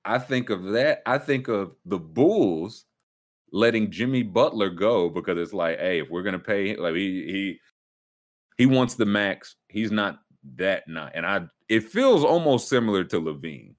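A low-pitched man hosting a laid-back sports talk show. His voice swings widely up and down as he riffs, with loose, animated delivery and playful mock voices. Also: measured pace. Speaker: podcast host. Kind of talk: casual sports chat.

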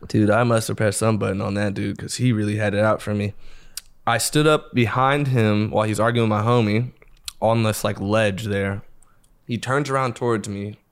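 A young man in casual chat, telling a story in an animated way, full of slang and swearing. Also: fairly low pitch, moderate pace, clean tone. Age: young adult.

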